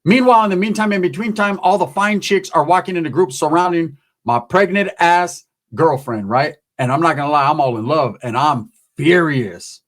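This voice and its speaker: Male storyteller host with a high voice, casual slang, animated, acts out the people in his story. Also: normal speed, hardly any pauses.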